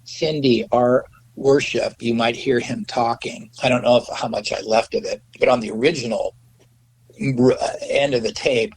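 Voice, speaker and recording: Man guest, mid-pitched voice, loose and profane, laughs through his anecdotes and mimics others. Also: moderate pace, darkish tone, breathy edge, poor audio. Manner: profane, laughing storyteller who acts out quotes. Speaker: guest musician. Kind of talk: casual anecdote telling.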